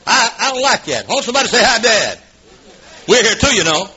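A preacher man delivers a revival sermon in a church, booming one moment and dropping low the next. His voice sits high and sounds bright and sharp. It comes through a muffled, lo-fi old recording. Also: sing-song, fairly quick, slightly rough. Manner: shouting, swinging from booming to hushed, with coughs.

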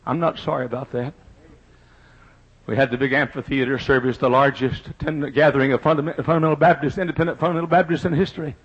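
A middle-aged man preaches a revival sermon, his voice husky and a little rough. He builds into shouted, rising phrases. The recording sounds dull and lo-fi. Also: mid-range voice, steady tone, quick pace. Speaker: pastor.

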